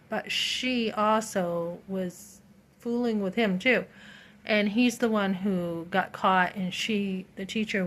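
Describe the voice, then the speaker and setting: A woman's voice: mid-range voice, fairly bright tone. A middle-aged woman telling a story to her viewers in a casual vlog, earnest and indignant, often quoting her own thoughts with emphasis. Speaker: vlogger.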